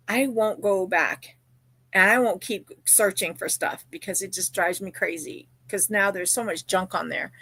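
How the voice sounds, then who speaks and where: A woman's voice: medium pitch, a bit bright, no room sound. A woman hosting a casual livestream, chatting while she crochets and reading out viewer comments with lots of "you know" fillers. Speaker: livestream host.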